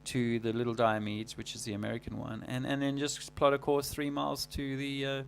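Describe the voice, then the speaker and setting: Gravelly man rambling on a livestream. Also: mid-range voice, completely flat delivery, slight background noise. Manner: rambling, halting, many fillers and restarts. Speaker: livestream host. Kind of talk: casual livestream monologue.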